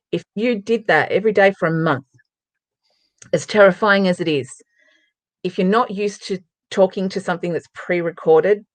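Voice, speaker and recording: A woman's voice: fairly low pitch, dry recording. An Australian woman talking as a guest in a casual interview, chatty and upbeat, giving emphatic advice. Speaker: guest, craft presenter.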